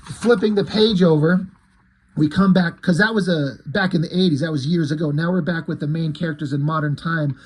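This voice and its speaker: A man casually reading through a comic and commenting on it as he goes. He is enthusiastic, swears freely and thinks out loud. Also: on the high side, steady tone, fairly quick, a little hiss or hum. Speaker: comic book reviewer.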